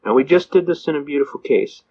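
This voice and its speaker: A man's voice: a little high, lively intonation, quick pace, darkish tone. An older man, an attorney, lecturing and telling folksy courtroom stories in which he acts out the judge, the cop and the defendant, chuckling as he goes. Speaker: constitutional attorney speaker. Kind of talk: anecdotal lecture with acted quotes. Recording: dull lo-fi recording.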